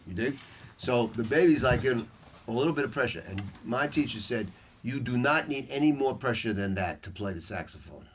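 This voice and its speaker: An older man runs a saxophone masterclass in a music store, talking in a loose, blunt way with slang. His voice sits at an ordinary pitch. A faint noise runs under the recording. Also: lively intonation, brisk. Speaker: saxophone teacher leading a masterclass. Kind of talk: informal masterclass teaching. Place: music store room with students.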